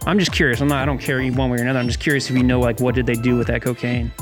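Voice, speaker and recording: A man's voice: medium pitch, little pitch movement, racing, over music. A man co-hosting a podcast in casual banter, dry and teasing with a mock-snobbish edge. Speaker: podcast co-host.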